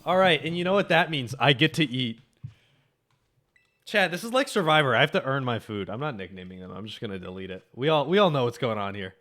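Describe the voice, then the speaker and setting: A man's voice: medium pitch, very animated, a little fast, bright, forceful tone, faint music behind. A young man streaming a game, chatting and joking casually with his viewers, swearing freely. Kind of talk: casual live-stream chat.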